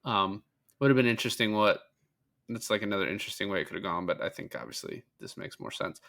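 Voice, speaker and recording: A man's voice: on the low side, lively intonation, quick pace, creaky, a bit bright. A man co-hosting a film podcast, chatting casually and profanely as he retells scenes. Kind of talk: casual film review chat.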